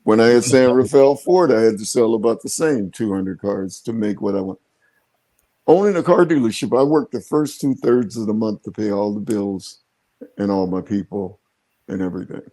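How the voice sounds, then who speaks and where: A man's voice: fairly low pitch, normal speed, dark tone. A man in his seventies, a veteran car dealer, telling stories and giving advice in folksy, colloquial casual talk. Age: 70s.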